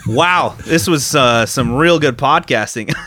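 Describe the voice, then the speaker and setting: A man from northern Michigan hosting a podcast, chatting casually in an excitable way, laughing often and filling his talk with "like.". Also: medium pitch, unhurried. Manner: excitable, laughing, filler-heavy. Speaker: podcast host. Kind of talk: casual chat.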